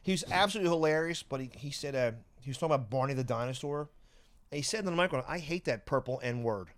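A man's voice: fairly high pitch, clear, resonant tone. Rambling man telling comedy stories. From Philadelphia area. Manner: rambling, halting, laughs often. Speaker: comedian guest. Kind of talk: casual chat, storytelling.

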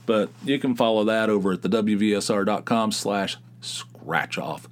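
A man's voice: lowish voice, moderate pace. A man in his fifties hosting his own podcast, talking alone in a rambling, jokey way and often correcting himself. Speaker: podcast host. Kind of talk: casual solo podcast monologue.

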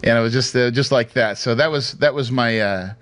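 A man's voice: mid-range voice, brisk, fairly bright tone. Man with a mid-range voice, chatty storyteller who checks in with the listener a lot. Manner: chatty, hesitant restarts, asks "right?" often. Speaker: speaker sharing his career story. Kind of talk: casual personal storytelling.

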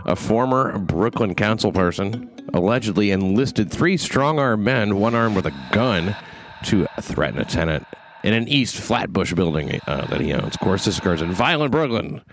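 Deep-voiced New man, wry host. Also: normal speed, faint music behind. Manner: wry, deadpan jokes, reads news aloud. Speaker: podcast host. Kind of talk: casual chat.

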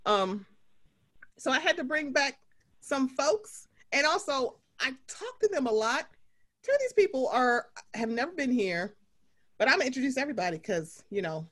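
A woman's voice: sits high, very animated, normal speed, fairly bright tone. Brash, laughing woman podcast host. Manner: brash, profane, laughs often. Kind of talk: casual chat.

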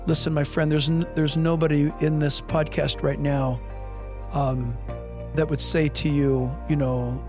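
A middle-aged man preaching a podcast sermon as pastor, telling stories with lively acted-out voices. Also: on the high side, normal speed, faint music behind. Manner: animated, acts out voices in stories. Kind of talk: sermon storytelling. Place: podcast studio.

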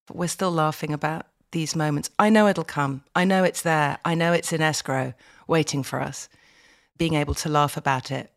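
A woman's voice: deep voice, fairly even intonation, normal speed, a bit bright, no echo, studio quality. A middle-aged woman talking frankly as a guest over the phone, swearing freely and reflecting. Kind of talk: casual conversation on a phone call.

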